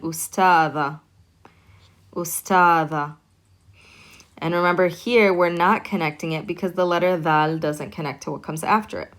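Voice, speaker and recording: A woman teaching an online language lesson, talking patiently, repeating words slowly and checking in with "okay?". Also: on the low side. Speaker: Arabic teacher.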